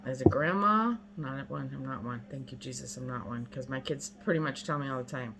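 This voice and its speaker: A woman's voice: very deep voice, fairly quick, gravelly, noisy background. A woman in her fifties venting bluntly and emphatically to her viewers, exasperated and repeating herself for emphasis. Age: 50s. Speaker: vlogger. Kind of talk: casual rant to camera.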